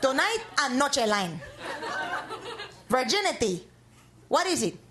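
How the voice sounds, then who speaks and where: A woman voicing a pompous female host of a late-night TV news show, with a grand, slow announcer delivery, recorded live on stage. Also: high-pitched, big pitch swings, pitched above the performer's own voice, full character voice. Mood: grandiose.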